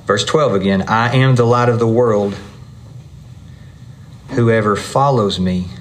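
A man's voice: fairly low pitch, slight background noise. Man teaching a Bible class, conversational. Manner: conversational, asks the room questions and checks in with "okay? right?". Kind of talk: teaching sermon with questions to the class.

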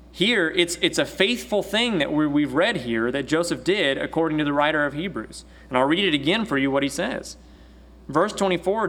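A man's voice: on the high side, a bit bright. Man preaching a conversational sermon. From Arkansas, US South. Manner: conversational preaching with restarts and emphatic scripture reading. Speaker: pastor.

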